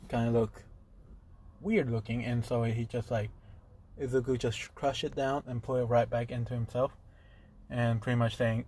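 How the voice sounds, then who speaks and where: A man telling an improvised fan story aloud in a halting way, full of restarts. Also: mid-range voice, level tone, darkish tone.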